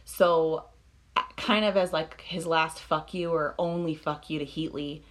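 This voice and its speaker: A woman's voice: low voice, steady tone, a little slow. A woman co-hosting a podcast, casually recounting a crime story with lots of fillers and frank swearing. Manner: filler-heavy, swears freely, laughs often. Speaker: podcast co-host. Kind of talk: casual true-crime chat.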